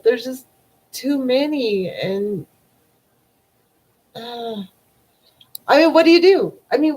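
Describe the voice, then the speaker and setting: A woman in her forties hosts a casual live stream, reading viewer comments and rambling emotionally. Her mid-range voice has a darkish tone on a low-quality recording, and she often trails off with a repeated "I don't know".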